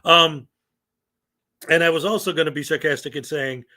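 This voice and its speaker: A man's voice: fairly high pitch, steady tone, moderate pace, pauses often, sharp tone. A man hosting a casual livestream, talking to chat with sarcastic, joking asides. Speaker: channel host.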